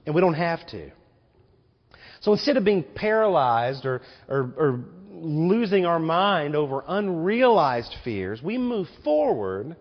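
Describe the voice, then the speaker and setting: Animated preaching man in a reverberant church. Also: on the high side. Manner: animated preaching with rhetorical questions. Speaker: pastor. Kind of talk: sermon. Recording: muffled recording with long hall reverb.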